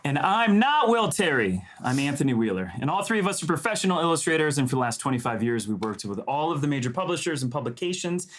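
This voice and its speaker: A male co-host banters in a playful, teasing way. He trips over repeated words as he winds up a joke. His pitch sits mid-range. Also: expressive, fast talker, hardly any pauses. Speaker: podcast co-host, illustrator. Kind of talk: casual podcast chat.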